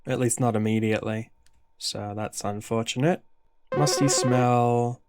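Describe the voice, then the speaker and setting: A man's voice: mid-range voice, fairly even intonation, measured pace, over loud music. A man playing a video game and thinking aloud in casual, self-deprecating commentary.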